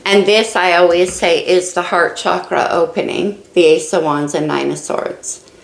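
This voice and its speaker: A woman's voice: fairly low pitch, steady tone, unhurried, vocal fry, reverberant, rough recording. A woman doing a casual tarot reading, musing and thinking aloud as she turns each card. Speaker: tarot reader.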